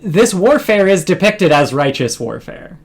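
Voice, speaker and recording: A woman game master narrating a tabletop game, pausing often with fillers and restarts. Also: lowish voice, sing-song. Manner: halting, with many fillers and restarts.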